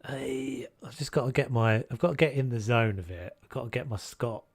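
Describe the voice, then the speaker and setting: A man's voice: mid-range voice, a little fast, gravelly. A man with a Scottish accent, chatting casually and joking at himself while live-streaming a game. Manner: joking, self-mocking, swears mildly.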